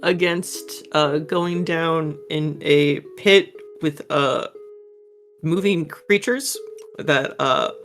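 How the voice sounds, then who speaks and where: Very slow, halting woman player. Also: low-pitched, soft background music. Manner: halting, searching for words. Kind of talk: casual chat.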